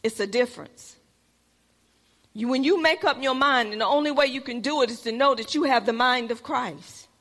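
A woman's voice: high voice, moderate pace, a bit bright, long reverb tail. A woman preacher giving a sermon in an earnest, plain-spoken, conversational way.

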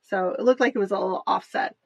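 A woman co-hosts a podcast in loose, chatty talk, often breaking into giggles. Her voice is husky and slightly breathy. The recording is dry and close. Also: mid-range voice, fast talker, dry recording. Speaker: podcast co-host. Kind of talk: casual chat.

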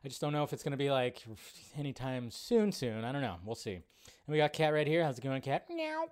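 A man's voice: mid-range voice, lively intonation, fast talker, darkish tone, clean tone. A man hosting a live film news stream, chatting loosely with viewers and rambling between greetings.

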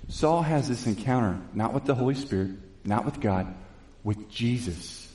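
A man's voice: mid-range voice, animated, moderate pace, darkish tone. A man preaching a sermon. He reads scripture, retells it in his own casual words, and builds to emphatic questions. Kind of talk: sermon with Bible reading. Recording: echoey room.

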